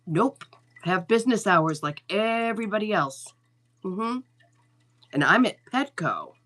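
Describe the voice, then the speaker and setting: A woman hosts a live stream as a psychic medium, chatting casually and telling stories while repeating her lines and swearing freely. Her voice is medium in pitch and a bit bright, with lively intonation and a slightly slow pace.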